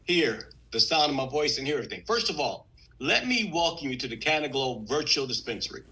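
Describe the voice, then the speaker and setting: Man, very bright voice, slightly high, emphatic sales pitch, video call sound. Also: poor audio. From Texas. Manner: energetic, repetitive, emphatic. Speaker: business presenter on a video call.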